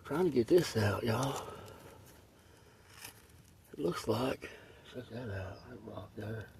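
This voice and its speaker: A man's voice: mid-range voice, takes it slowly, gravelly. Male rockhound vlogger, breathing hard, upbeat running chatter, distant phone mic, noisy outdoors. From Tennessee. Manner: excited, chatty, keeps addressing viewers as y'all. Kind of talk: casual first-person narration while digging. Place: muddy riverbed outdoors. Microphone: phone camera, point-of-view.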